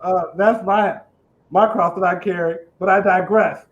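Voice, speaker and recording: A man's voice: high-pitched, fairly even intonation, a little slow, lo-fi sound. A man with a lisp hosting an online comedy show, telling profane stand-up jokes and laughing at his own lines. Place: house in Detroit.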